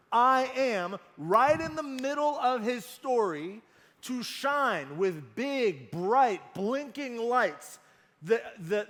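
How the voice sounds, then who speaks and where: A male pastor preaching a sermon, earnest and emphatic, slowing down to stress key phrases. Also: high-pitched, a bit bright, big-room sound.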